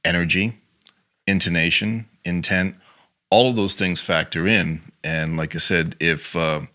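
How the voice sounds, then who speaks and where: A man's voice: low voice, steady tone, unhurried, bright, forceful tone. A man speaking as a guest on an interview, an acting and improv teacher talking casually with many "you know" fillers.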